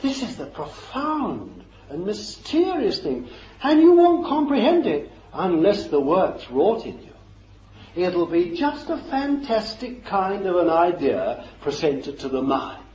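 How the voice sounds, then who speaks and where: A man's voice: high-pitched, wildly swooping pitch, slow, a little mellow. A man preaching a sermon in a fervent, emphatic way, repeating his phrases for stress. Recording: echoey, dull lo-fi recording.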